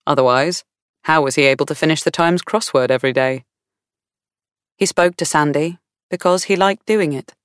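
A woman reading a novel aloud in measured, warm storytelling. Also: deep voice, no echo, studio quality. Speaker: audiobook narrator. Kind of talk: scripted narration.

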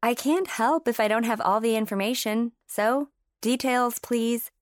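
Playful young woman, teasing and bright, read by a woman narrator. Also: on the high side, a little slow, dry recording, clean studio sound, pitched above the performer's own voice, close to an everyday voice.

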